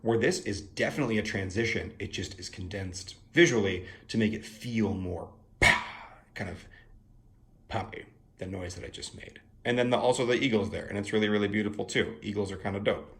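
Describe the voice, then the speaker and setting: A man's voice: lowish voice, a little fast, fairly bright tone. A young man casually reviewing the art of a card deck, musing and thinking aloud, with playful asides and many fillers.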